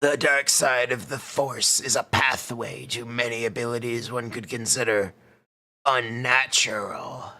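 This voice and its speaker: A man doing an impression of a scheming old male dark lord on a live stream, in a slow, drawn-out, menacing delivery. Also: medium pitch, steady tone. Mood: sinister.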